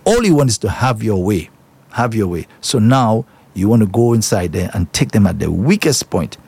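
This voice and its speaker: Guy ranting into the mic, husky, repeats stuff, calls people folks. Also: on the low side, very animated, moderate pace, darkish tone. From Saint Lucia. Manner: emphatic, repetitive, indignant, addresses listeners as folks. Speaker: commentator. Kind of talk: opinionated solo commentary.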